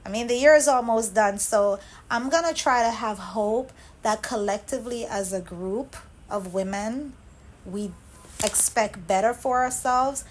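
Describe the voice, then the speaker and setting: A woman's voice: a little high, measured pace, a little hiss or hum, poor audio. A woman hosting a reaction vlog, ranting with angry, impassioned conviction and hammering her points through repetition. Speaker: commentary channel host.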